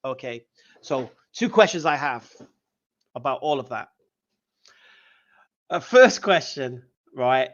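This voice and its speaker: A man hosting a live call-in debate, retelling a story in an animated, mocking way. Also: mid-range voice, takes it slowly, long pauses, dull audio. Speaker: host.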